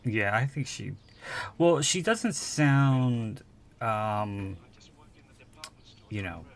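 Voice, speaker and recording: Slow-talking man hosting a film podcast. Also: mid-range voice, expressive. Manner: slow, hesitant, crude jokes. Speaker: podcast co-host. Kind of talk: casual film chat.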